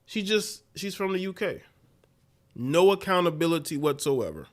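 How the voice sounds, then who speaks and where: Animated man ranting on a livestream. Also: on the high side, moderate pace. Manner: animated, repetitive ranting with laughs. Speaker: livestream host. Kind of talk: casual commentary livestream.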